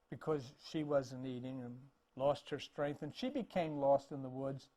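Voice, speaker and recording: A man with a high voice retells an old myth while pointing out paintings. His delivery is casual and conversational, full of restarts and the odd chuckle. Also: mellow. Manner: chatty, laughs and restarts, conversational fillers. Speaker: speaker telling a myth about paintings. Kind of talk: casual storytelling talk.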